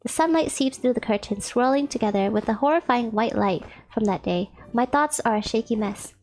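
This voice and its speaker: A woman's voice: a little high, brisk, darkish tone, slight background noise. A woman game streamer reading a visual novel aloud, playful and giggly, joking between the read lines.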